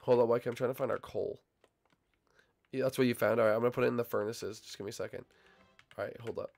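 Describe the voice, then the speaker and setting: Excitable young man gaming with gravelly voice. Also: medium pitch, fast. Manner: excitable, teasing banter with teammates. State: recovering voice, slightly hoarse. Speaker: gaming channel host. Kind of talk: casual gameplay commentary.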